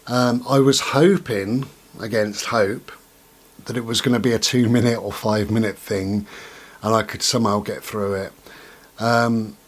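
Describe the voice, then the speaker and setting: A man with a low, husky voice talks through a personal story in an easy vlog manner. He rambles and circles back, with plenty of ums and asides. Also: steady tone, a little slow. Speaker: vlogger.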